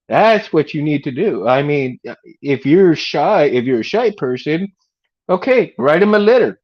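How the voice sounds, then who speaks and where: A middle-aged Texan hosts a casual livestream in a slightly high, animated voice at a moderate pace. He rambles in a laid-back way, laughs a lot and calls people "man" and "dude," and the audio is dull.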